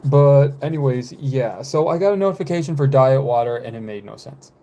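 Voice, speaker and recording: A man in his twenties, chatting casually on a live stream, rambling with frequent fillers and halting pauses. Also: medium pitch, animated, warm tone. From United States. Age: 20s.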